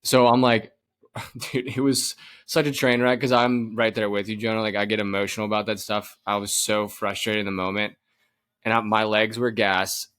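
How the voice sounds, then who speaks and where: A man's voice: fairly low pitch, normal speed, clear, resonant tone. A young adult man co-hosting a podcast, chatting casually and telling stories with lots of restarts and laughs. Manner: animated storytelling, frequent laughs and restarts. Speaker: podcast co-host. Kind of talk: casual chat.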